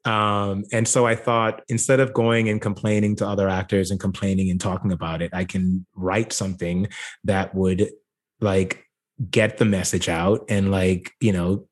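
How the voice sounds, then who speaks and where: Jamaican-born guy, actor on a podcast, lowish voice, laid back and thoughtful, lots of "like"s. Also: flat delivery, normal speed. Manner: reflective, easygoing, with frequent "like" and "you know". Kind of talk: casual interview conversation.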